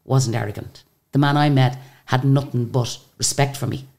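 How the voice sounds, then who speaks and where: An Irish woman with a very deep voice telling lively anecdotes in a casual interview. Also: normal speed. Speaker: singer and guest.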